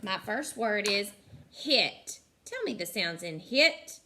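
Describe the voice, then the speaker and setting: A woman teacher leading a slow phonics lesson for young children, sounding out words carefully and praising the class. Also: mid-range voice, expressive, pushed and bright, slight background noise.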